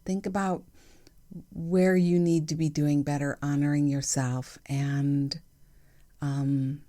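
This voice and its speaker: A woman hosting her own podcast, talking candidly and reflectively in a chatty way with soft laughs. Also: sits low, flat delivery, slow. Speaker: podcast host. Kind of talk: reflective solo podcast monologue.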